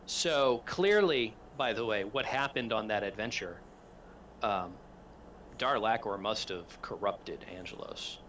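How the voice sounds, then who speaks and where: A male game master narrating a tabletop session with a bright, forward voice. He rambles through the scene, full of ums and restarts, over a faint hiss. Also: lowish voice, a little slow. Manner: rambling, filler-heavy narration.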